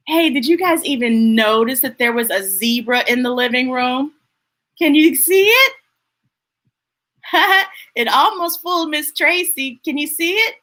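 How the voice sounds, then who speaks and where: A woman's voice: high voice, bright, forceful tone. A woman reading picture books aloud to young children, laughing often and chatting with her listeners between pages. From United States. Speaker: children's storytime reader.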